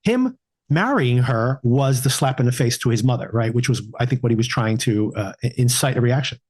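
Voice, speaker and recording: A man co-hosting a film podcast, often stumbling and restarting his sentences as he works out his point. He breaks into quoted mock dialogue for the characters, and his voice sits at an ordinary middle pitch. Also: animated, a little fast, darkish tone. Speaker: podcast co-host. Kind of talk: casual film discussion.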